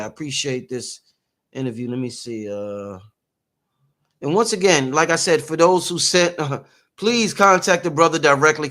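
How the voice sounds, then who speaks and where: A man hosting a live-streamed interview, energetic and chatty, calling out to viewers as y'all. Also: mid-range voice. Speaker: host.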